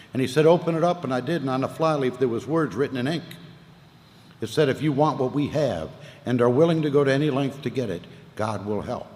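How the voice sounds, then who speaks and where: A man giving a personal testimony talk at a recovery meeting, telling his story with earnest feeling and casual Southern speech that swells and sinks. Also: on the low side. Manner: casual Southern speech, 'ain't' and 'wasn't no'. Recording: reverberant hall, faint ambient noise.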